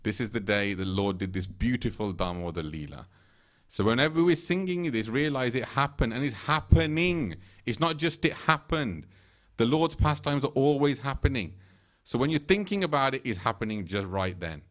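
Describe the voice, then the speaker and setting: A man's voice: medium pitch, lively intonation, normal speed, a bit bright. Chatty laughing male temple speaker. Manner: conversational, laughs often, acts out quoted voices. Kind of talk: sermon retelling scripture stories. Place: temple hall.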